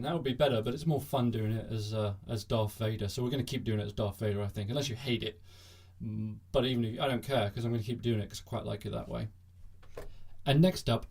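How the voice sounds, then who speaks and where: A man's voice: medium pitch, a little mellow. A man hosting a satirical news monologue, talking in a sarcastic, jokey way. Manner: sarcastic, jokey, bursts into mock cheering. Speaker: host.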